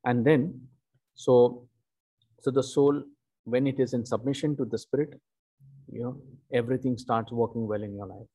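Male preacher, husky warm tone, deliberate emphatic sermon delivery. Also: mid-range voice, fairly even intonation. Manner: slow, emphatic teaching with repeated "okay" and "you know".

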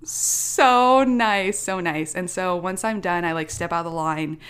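Chatty young woman, slightly low voice. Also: normal speed. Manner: animated, chatty, laughs often while telling. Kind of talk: casual chat, telling a personal story.

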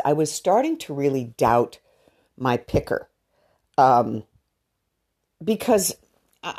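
A woman's voice: deep voice, mellow. A middle-aged woman giving a candid, bawdy dating update to her viewers in a casual vlog. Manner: candid, bawdy, giggly storytelling. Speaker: vlogger.

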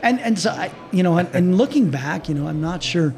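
A man's voice: high-pitched, animated, fairly quick, darkish tone, faint music behind. Chuckling older man telling stories. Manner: rambling, with frequent restarts and chuckles. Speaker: guest, team doctor. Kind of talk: casual storytelling.

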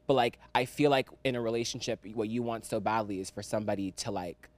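A man's voice: fairly low pitch, fast talker. A man hosting a podcast in casual chat, chatty and slangy, teasing his guest. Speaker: podcast host.

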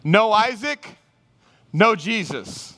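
A man preaching a sermon, animated, acting out Bible figures and his listeners in raised voices. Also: sits high, slow pace. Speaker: pastor. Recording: reverberant hall sound.

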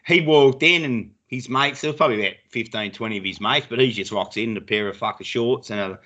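A man's voice: medium pitch, brisk, sharp tone, muffled recording. An Australian man co-hosting a podcast, chatting casually and swearing freely as he tells stories. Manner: swears freely, laughs often. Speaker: podcast co-host. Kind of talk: casual chat.

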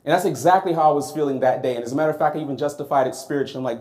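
A man preaching a sermon, telling a personal story in a lively, conversational way and acting out his own reactions. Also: on the high side, racing.

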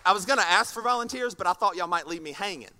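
A pastor preaching a sermon to a congregation, animated and acting out scenes, moving from soft tones to loud passages. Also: male voice, high voice, fast, noisy background. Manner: animated, swings from soft to shouting. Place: church stage before a congregation.

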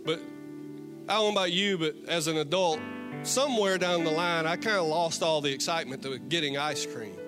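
A man's voice: a little high, a little fast. A man preaching a sermon as pastor, moving between fervent appeals and joking stories. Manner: impassioned, then joking storytelling. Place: church stage. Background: soft guitar worship music.

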